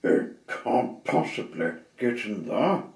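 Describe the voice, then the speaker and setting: A man's voice: mid-range voice, very animated, slow, gravelly, a little mellow, heavily acted. A man voicing a rude, grumpy rich old man who snaps curtly. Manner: curt and snappish. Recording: roomy, slightly distant mic.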